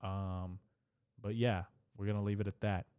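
A young man with a fairly low voice, rambling through a story in loose, profane, laid-back talk. The sound is dry and close, with no room echo, like a solo podcast. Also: level tone, normal speed, warm tone, smooth. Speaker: podcast host. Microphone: camera mic.

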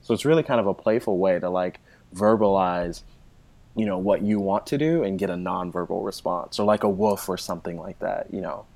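A man with a fairly low voice chats as a guest in a relaxed interview. He explains things at length and leans on conversational fillers as he goes. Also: fairly quick, creaky. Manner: chatty, explains at length with many "you know" fillers.

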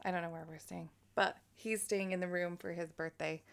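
Excitable, swearing woman podcast co-host. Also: on the low side, fairly quick, gravelly, clear, resonant tone. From Colorado, USA. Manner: excitable, swears freely, laughs often. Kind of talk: casual chat.

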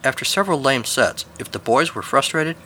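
Bright-voiced man narrating a story. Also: medium pitch, animated, a little fast, a little hiss or hum. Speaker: podcast host and storyteller.

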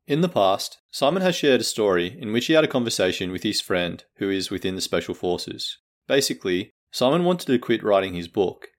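Earnest man reading a book summary. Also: lowish voice. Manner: measured and earnest, reading from notes. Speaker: podcast host. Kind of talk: scripted book-summary narration.

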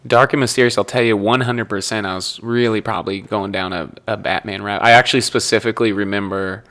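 A man's voice: on the low side, fairly even intonation, quick pace, a bit bright. A young man from Nebraska chatting casually as a podcast guest, rambling through stories, correcting himself and laughing often. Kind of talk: casual chat.

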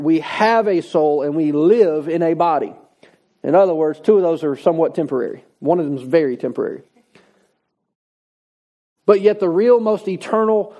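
A man's voice: high-pitched, dark tone. A man preaching a sermon in an emphatic, conversational way, repeating key lines for stress. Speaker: pastor.

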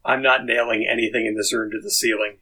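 A man's voice: mid-range voice, flat delivery, fast talker, sharp tone, rough recording. A man co-hosting a podcast, dry and self-deprecating in casual chat. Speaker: podcast co-host.

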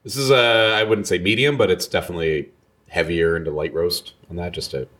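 Deep, fast-talking male podcast host. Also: fairly bright tone. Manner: fast and rambling, with many restarts and laughs. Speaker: podcast co-host, coffee roaster. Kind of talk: casual podcast chat.

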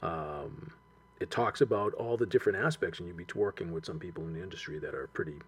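A man's voice: low-pitched, quick pace, slight background noise. A middle-aged man co-hosting a casual chat, rambling with many fillers and restarts.

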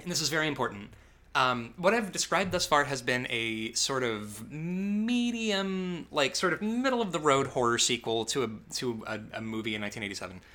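A man co-hosting a podcast, recapping a horror movie in a casual, sarcastic and profane way, with lively asides. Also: mid-range voice, moderate pace. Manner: animated, profane, sarcastic recapping with acted-out quotes. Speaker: podcast co-host.

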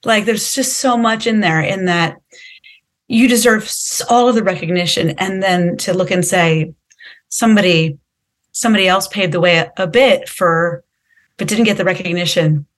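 A woman's voice: on the low side, moderate pace. Reflective woman podcast host. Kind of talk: podcast interview.

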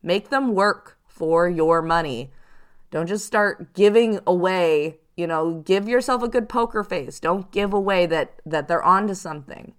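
A woman giving casual advice to viewers as a psychic show host, chatty and animated, now and then acting out the people she warns about. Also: lowish voice, unhurried, clear, resonant tone. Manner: chatty, animated, acts out quoted hustlers.

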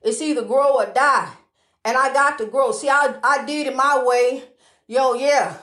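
A woman's voice: high-pitched, measured pace, a bit bright, echoey room. A woman giving a preachy, sing-song motivational monologue, calling the listener honey and repeating rhyming phrases.

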